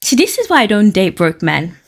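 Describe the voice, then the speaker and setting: A woman from Nigeria hosting a podcast, reading out online stories and reacting with outspoken, animated commentary and frequent laughter. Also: mid-range voice, brisk. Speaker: podcast host.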